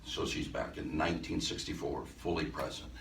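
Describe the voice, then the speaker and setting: Very deep-voiced man telling a story. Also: normal speed, vocal fry. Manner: conversational, with frequent restarts and acted-out dialogue. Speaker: hypnosis instructor. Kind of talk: storytelling lecture to a live audience. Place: event room with a live audience. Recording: echoey room, distant mic, faint noise.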